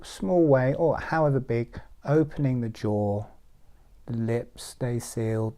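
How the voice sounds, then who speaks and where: A man leading a guided breathing meditation, giving calm step-by-step instructions. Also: mid-range voice. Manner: slow, soothing step-by-step instructions. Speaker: meditation teacher.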